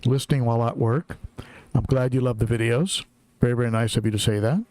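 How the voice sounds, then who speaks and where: A man's voice: mid-range voice, fairly even intonation, quick pace, darkish tone, dry recording. A middle-aged man from Southern California hosting a live stream, chatting casually and reading out viewers' names as they come in. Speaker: livestream host. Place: home, in Tennessee.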